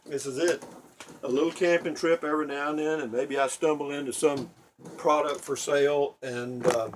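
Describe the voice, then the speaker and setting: A man's voice: a little high, fairly even intonation, moderate pace, distant mic, slight background noise, low-quality recording. A man rambling to his viewers from home, blunt, profane and self-mocking. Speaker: vlogger. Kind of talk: rambling casual monologue to viewers. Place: home in Texas.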